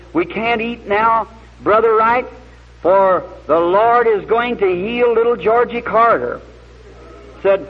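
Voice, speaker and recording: On a muffled, lo-fi old recording, a man with a high-pitched, husky voice preaches a sermon. He tells a story in a folksy, plain-spoken manner that builds toward earnest emphasis.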